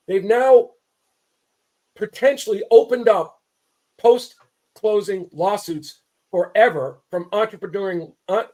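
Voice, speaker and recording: A man's voice: high voice, dark tone. A man, a real estate attorney, giving fired-up, emphatic commentary and often restarting his sentences. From Southern California. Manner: fired-up, emphatic, self-interrupting. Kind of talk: impassioned commentary.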